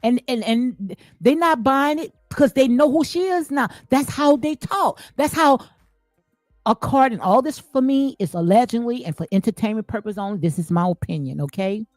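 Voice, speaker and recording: Blunt, preachy woman with a high voice. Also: animated, normal speed, darkish tone, no room sound, soft background music. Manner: blunt, preachy, repeats herself, slangy. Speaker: commentary channel host. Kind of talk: casual reaction commentary.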